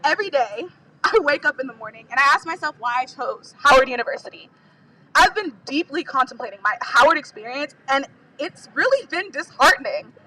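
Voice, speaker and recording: A woman's voice: sits high, expressive, fairly quick, noisy background. A young woman student, anxious and close to tears, reading a protest speech from notes on a handheld mic outdoors. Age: young adult. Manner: anxious, rising to angry. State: on the verge of crying.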